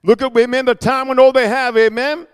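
A male preacher giving an emphatic sermon, calling out for amens and swinging between shouting and hushed asides. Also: very high-pitched, flat delivery, a little fast, clear, resonant tone, long reverb tail.

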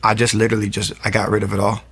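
Earnest gravelly-voiced man telling his story. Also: on the low side, level tone, a bit bright. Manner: earnest, rapid storytelling with restarts. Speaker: guest giving a faith testimony. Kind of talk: personal testimony storytelling.

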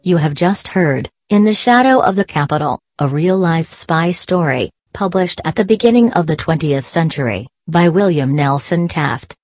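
Low-voiced woman radio announcer. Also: moderate pace, hardly any pauses, a little mellow, no room sound. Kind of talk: scripted announcement.

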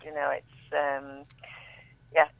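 A woman guest reading her own poetry aloud in a measured, dramatic way, often dropping almost to a whisper. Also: sits low, completely flat delivery, gravelly, no echo. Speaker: guest poet. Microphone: telephone. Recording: tinny phone line.

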